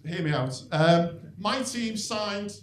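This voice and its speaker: A middle-aged comedian from St Helens, North West England, with a Northern English accent, works through a live stand-up routine slowly, his high voice full of lively intonation. The delivery is dry and rambling, he pokes fun at himself, and "really" keeps cropping up. Laughter fills the echoey club.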